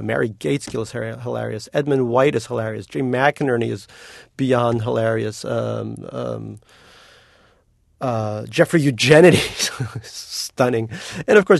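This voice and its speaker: Novelist guest, male, gravelly and lively, joking, dry close sound. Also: mid-range voice, no echo. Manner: animated and joking, quick to laugh. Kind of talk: casual interview chat.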